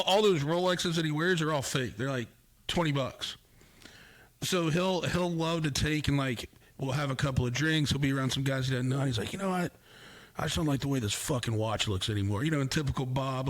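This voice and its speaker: A man's voice: fairly high pitch, fairly bright tone. A man hosting a podcast in casual chat, laid-back, laughing often and swearing. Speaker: podcast host.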